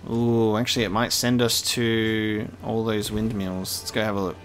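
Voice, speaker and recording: A man's voice: fairly low pitch, little pitch movement, moderate pace, fairly bright tone, soft background music. A man doing casual let's-play commentary, chatty and joking, swearing when surprised. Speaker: gaming video host.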